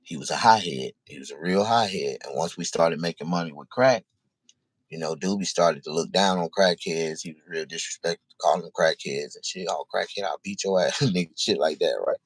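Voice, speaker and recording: A man telling a personal story in casual, profane speech, halting and repeating himself. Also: deep voice, husky, no echo.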